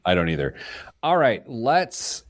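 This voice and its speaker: Man, middle-aged, radio host, chatty, joking, mid-pitched voice. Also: wildly swooping pitch, unhurried. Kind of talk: casual banter, then show intro.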